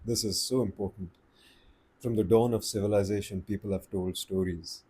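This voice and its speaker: A man talks through voice tips in a casual, easygoing way, slowing down to stress his points. His voice sits low and sounds mellow and warm. The tone has a soft, husky edge. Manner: relaxed, unhurried, conversational, slows down for emphasis. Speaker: vlogger giving voice tips. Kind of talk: casual advice talk to camera.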